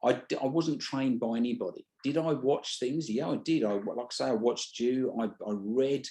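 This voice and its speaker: Brief: British-accented stage hypnotist, mid-pitched, blunt and chatty. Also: male voice, normal speed, dark tone. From Britain. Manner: blunt, swears freely, restarts mid-sentence. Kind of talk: casual interview chat.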